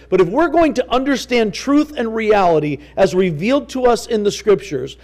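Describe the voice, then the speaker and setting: A male pastor preaching a sermon in a church, deliberate and emphatic, leading his congregation to repeat after him. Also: sits high, darkish tone. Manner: deliberate, emphatic, leads the congregation in call-and-response.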